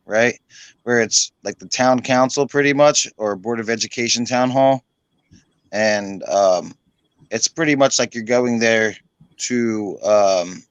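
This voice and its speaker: A man's voice: lowish voice, no room sound. A man hosting a casual online hangout, telling a long, rambling story full of fillers and casual swearing. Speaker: host of an online hangout stream. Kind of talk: casual chat.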